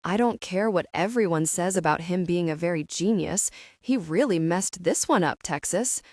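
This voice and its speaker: A woman narrator plays a blunt, motherly older woman in a romance audiobook, direct and brusque. Her voice is fairly low and heard dry and close up. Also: animated, normal speed, a little mellow, no room sound.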